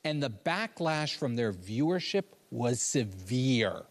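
A man's voice: medium pitch, sing-song, slow pace. A man on a panel speaking assertively as he explains his view. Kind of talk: panel discussion.

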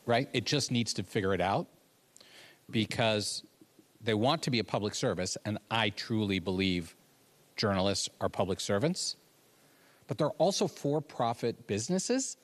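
A man's voice: on the low side, unhurried, pauses often. A man on a panel speaking assertively as he explains his view. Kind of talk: panel discussion.

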